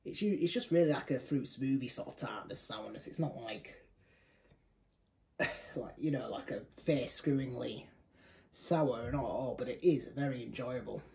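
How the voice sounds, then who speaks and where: A man's voice: medium pitch, normal speed, gravelly, dark tone, rough recording. A young man from the UK giving a casual, rambling beer tasting review, often correcting himself mid-sentence. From United Kingdom. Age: young adult. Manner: chatty, rambling, self-correcting.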